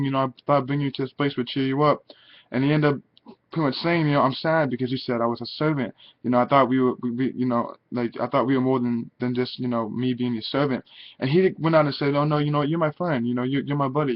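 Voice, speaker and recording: A man's voice: mid-range voice, lo-fi sound. A young man casually reviewing a manga chapter, rambling with lots of "like" and "you know" fillers.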